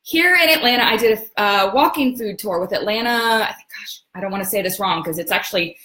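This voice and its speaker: A woman hosting a travel segment, chatting casually to viewers and often pausing to search for words. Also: medium pitch, sharp tone. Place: home in Atlanta. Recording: roomy echo.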